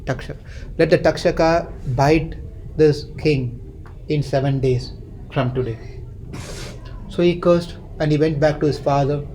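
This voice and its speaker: Man, scripture class teacher, storytelling, restarts phrases, quizzes listeners, slightly high, mellow. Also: slight background noise, poor audio.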